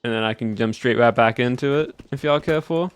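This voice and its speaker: A man's voice: medium pitch, a little fast, clean tone, no echo. A game streamer chatting casually with viewers in a put-on Southern US drawl, easygoing as he plays. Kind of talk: casual live-stream chat while playing.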